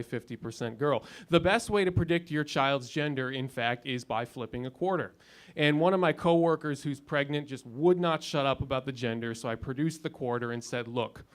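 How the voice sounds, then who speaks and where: Sardonic man doing stand-up. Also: medium pitch. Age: 30s. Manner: dry, sardonic delivery with rising punchlines. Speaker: stand-up comedian. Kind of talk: stand-up comedy set. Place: comedy club lounge.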